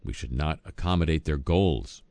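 A man's voice: rumbling low, normal speed, a little mellow, no room sound. A man reading satirical news as host, dropping sardonic, wisecracking asides between items.

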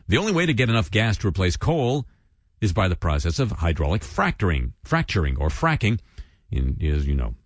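Low-voiced male host with wide pitch swings, reads news with sarcastic asides. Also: very animated, a little fast, slightly rough, no room sound, clean studio sound. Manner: sardonic asides and mock voices between read news items. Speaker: radio commentary host. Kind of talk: satirical news commentary.

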